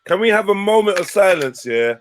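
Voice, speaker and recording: A young man with a South London accent hosting a casual livestream panel over a headset, bantering loudly and swearing freely. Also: high voice, fairly quick. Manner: loud, animated banter, swearing.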